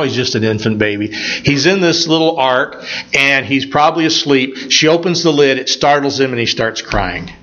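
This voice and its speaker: A man preaching a sermon, retelling a scripture story in a conversational, animated way. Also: medium pitch, lo-fi sound.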